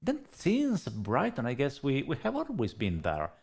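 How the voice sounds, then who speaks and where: A man speaking English with an Italian accent, his first language Italian. His pitch swings widely as he chats, and he often stalls on fillers and restarts. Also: a little slow, creaky, slightly rough. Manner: animated, hesitant with many fillers. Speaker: co-host. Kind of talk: casual livestream chat.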